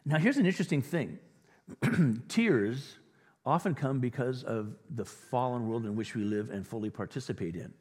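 Husky-voiced male pastor preaching in a hall. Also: medium pitch, lively intonation, moderate pace. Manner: conversational preaching, acting out imagined voices. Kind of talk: sermon.

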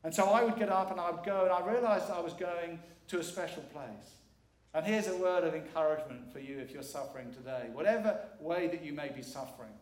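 A man's voice: a little high, a little fast. A middle-aged man preaching as a guest speaker, earnest and emphatic, repeating words for weight. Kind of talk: sermon. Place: church sanctuary. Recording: echoey church hall.

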